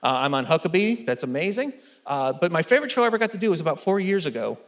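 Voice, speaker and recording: A man's voice: on the high side, fast talker. Upbeat stand-up comic man on stage. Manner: energetic, self-deprecating storytelling. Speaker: stand-up comedian. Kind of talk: stand-up comedy routine. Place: comedy stage with live audience. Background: faint audience laughter and room noise.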